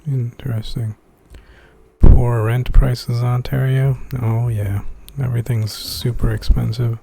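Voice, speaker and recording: A man's voice: medium pitch, level tone, slow, gravelly, warm tone, husky. A laid-back man streaming a game playthrough and chatting casually with his viewers. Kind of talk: casual gameplay commentary.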